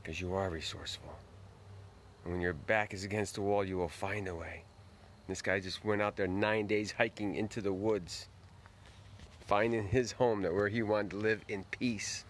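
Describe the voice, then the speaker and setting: Man, low voice, folksy motivational live stream, outdoors at night, faint background hiss. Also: a bit bright. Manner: greets viewers by name, folksy and earnest. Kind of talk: casual motivational talk.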